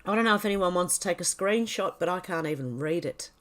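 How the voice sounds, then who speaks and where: A woman hosting a livestream, reading posts aloud in casual commentary. She stumbles and corrects herself, mutters asides, and coughs and clears her throat now and then. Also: fairly low pitch, expressive, fast, a bit bright. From Australia. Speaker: livestream host.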